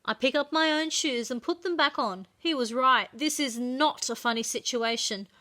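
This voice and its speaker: A woman reading a children's chapter book aloud, with expressive, dramatic storytelling. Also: high voice, normal speed.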